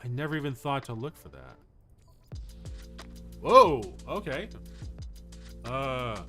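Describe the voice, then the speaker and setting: A male streamer and voice actor chatting casually on a gameplay stream, his pitch swinging lively as he tells stories. He drifts into muttering to himself between menus, with faint music underneath. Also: moderate pace, long pauses. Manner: animated storyteller, chatty, mutters while playing. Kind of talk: casual gameplay livestream chat.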